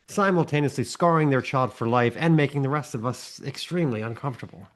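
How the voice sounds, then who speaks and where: A man co-hosting a comedy podcast, telling wry stories and acting out yelling dads. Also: medium pitch, fairly quick, hardly any pauses. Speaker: podcast co-host.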